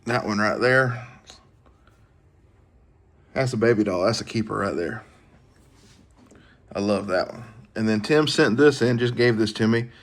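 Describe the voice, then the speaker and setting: A man talks through his latest mail haul in an easygoing, folksy manner. His voice sits a little low. The delivery is casual and unhurried, like a hobbyist chatting to his viewers. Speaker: knife collecting channel host. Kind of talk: casual show-and-tell vlog.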